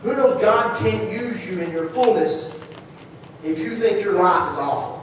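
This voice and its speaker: Here a high-pitched man delivers a sermon at a measured pace with lively intonation, chatting with the congregation, restarting his phrases and posing questions. The setting is a church sanctuary, recorded from a distance in an echoey hall with a little hiss or hum.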